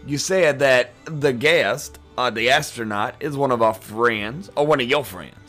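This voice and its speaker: A man co-hosting an improvised comedy bit, quick to get worked up and complain. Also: mid-range voice, fairly bright tone, soft background music. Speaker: comedy co-host.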